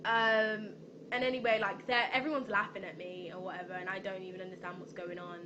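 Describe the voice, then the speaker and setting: A woman's voice: medium pitch, flat delivery, fairly quick, muffled recording, background noise. A young woman rambling through a storytime vlog, with lots of ums and restarts. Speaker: vlogger.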